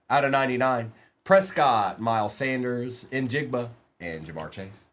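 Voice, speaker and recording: A medium-pitched man leads a live-stream card break. Player names come out fast, punctuated by excited bursts and playful teasing of the audience.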